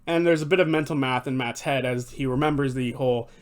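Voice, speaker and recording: A man's voice: mid-range voice, fast talker. A man giving casual, enthusiastic video commentary, recapping favorite moments, swearing freely and correcting himself as he goes. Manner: enthusiastic, profane, rambling with self-corrections. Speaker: fan commentator.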